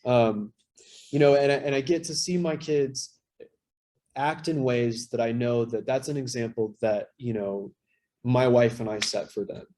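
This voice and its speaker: At a recovery workshop, a thirty-something man shares openly in a mellow, mid-range voice at a slightly slow pace. He pokes fun at himself casually, swearing and using lots of fillers.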